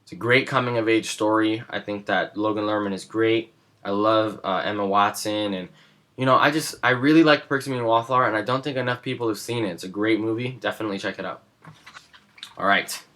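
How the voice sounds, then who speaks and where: A man's voice: fairly low pitch, a little fast, pushed and bright. A young man in a casual vlog, talking with rambling enthusiasm about his favorites. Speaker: movie vlogger. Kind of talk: casual chat.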